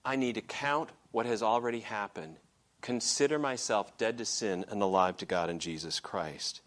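A man's voice: fairly low pitch, moderate pace, fairly bright tone. A male pastor preaching a sermon in a conversational way, with frequent "okay" check-ins and fillers.

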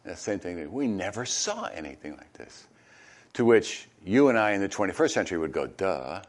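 Older male retired pastor, low voice, very lively intonation, conversational sermon with halting fillers. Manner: conversational, halting with fillers, animated when acting out crowd reactions. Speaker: retired pastor, guest preacher.

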